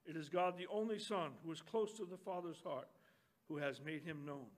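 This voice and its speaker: Older guy pastor, high voice, gentle storyteller sermon in church. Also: moderate pace. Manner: gentle storytelling, reads a children's book aloud to the congregation.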